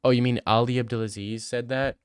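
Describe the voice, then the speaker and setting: A man's voice: medium pitch, fairly even intonation, brisk, clean tone, dry recording, clean studio sound. A young man, chatting casually on a live stream and answering his chat in a brash, joking way. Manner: brash, joking, swears a lot.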